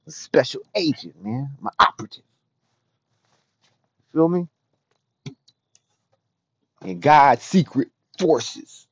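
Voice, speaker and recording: A man giving a raw, rambling, profane confessional monologue as a podcast host, often dropping to a low murmur. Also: big pitch swings, takes it slowly, pauses often, husky, dry recording. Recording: dull dry lo-fi recording.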